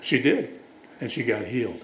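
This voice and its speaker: In a sing-song, slightly bright medium-pitched voice, a man delivers a sermon at a moderate pace, mixing storytelling, scripture readings, and questions to the congregation. The recording is rough, with slight background noise.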